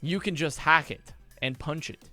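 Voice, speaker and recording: A young man breaks down an esports match in a high, tense voice, rushing through his points and restarting sentences. He curses freely and gets worked up over big plays. Soft music plays underneath. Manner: rapid, swearing, restarts, excitable. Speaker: esports analyst. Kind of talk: casual match breakdown commentary.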